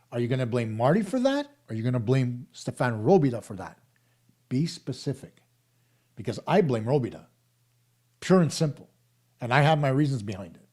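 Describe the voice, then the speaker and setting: A man's voice: medium pitch, warm tone. A middle-aged man hosting a live hockey talk stream, arguing his points emphatically and speaking straight to viewers. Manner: emphatic, argumentative, addressing viewers directly. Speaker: hockey show host.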